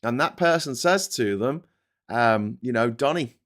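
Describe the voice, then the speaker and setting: A British man hosting a casual political commentary show, talking in a lively, rambling way with frequent swearing and restarts. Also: mid-range voice, measured pace. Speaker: host of a live commentary show.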